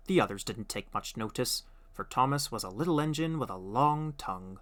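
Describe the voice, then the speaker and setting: A man narrating a storybook audiobook with expressive, animated storytelling. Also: mid-range voice, normal speed, few pauses.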